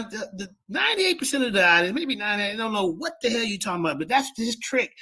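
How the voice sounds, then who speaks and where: A man hosts a show, tearing into a guest with loud, mocking commentary. His voice is gravelly and husky, and it leaps all over the place as he shouts in disbelief. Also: sits high, sing-song, fast, hardly any pauses. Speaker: show host.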